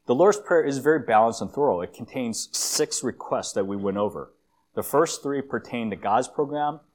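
A man giving a conversational church sermon with slides, a self-described long-winded speaker who often fills pauses and restarts phrases. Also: mid-range voice, animated, darkish tone. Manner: conversational, with frequent fillers and restarts. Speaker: guest preacher.

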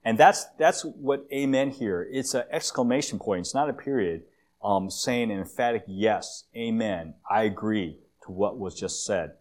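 A man with a fairly low voice preaching a relaxed, conversational sermon. He teaches from slides, calls himself long-winded, and often fills pauses with "um" and restarts phrases. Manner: conversational, with frequent fillers and restarts; self-described as long-winded. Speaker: guest preacher.

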